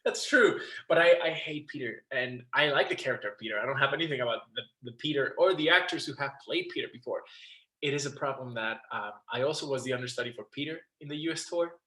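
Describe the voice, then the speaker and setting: Animated man telling a story, echoey room. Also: medium pitch, fast. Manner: animated storyteller, acts out quotes, swears and laughs. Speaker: guest, musical theatre actor. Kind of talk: casual interview chat.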